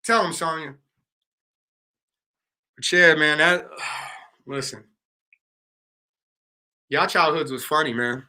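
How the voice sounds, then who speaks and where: Man, late 30s, livestream host; high, sharp voice, relaxed slangy storytelling. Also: slow pace, long pauses. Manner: loose, storytelling, lots of fillers and slang. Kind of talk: casual livestream chat with viewers.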